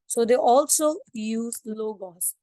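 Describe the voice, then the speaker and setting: A woman's voice: a little high, slow, dark tone, no room sound. A woman teacher lecturing a class, asking many questions and slipping into Hindi-Urdu phrases.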